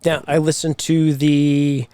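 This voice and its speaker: A man co-hosting a podcast, talking fast and excitably in a casual, swearing way. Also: on the high side, smooth, no room sound. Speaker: podcast co-host. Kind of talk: casual chat.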